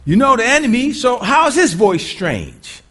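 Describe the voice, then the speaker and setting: A male preacher delivers a conversational sermon, stopping often to question his listeners. His voice is high for a man and swings widely in pitch. He often restarts and repeats his words as he talks it through. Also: big pitch swings, normal speed, a bit bright, breathy edge. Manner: conversational, quizzes the congregation, repeats himself.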